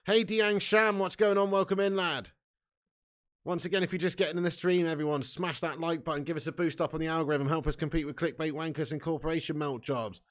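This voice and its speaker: A slightly high, steady voice moving fairly quickly belongs to a young man streaming a live football watch-along. He commentates and reads chat aloud with heavy swearing and banter, going from gloomy mumbles to shouts and laughter.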